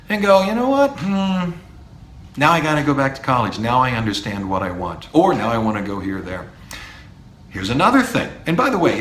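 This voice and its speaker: Animated middle-aged man giving blunt advice. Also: medium pitch, slight background noise. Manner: animated, blunt, talks straight to students with rhetorical questions. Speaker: university professor and podcast host. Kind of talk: direct-address advice podcast. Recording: echoey room.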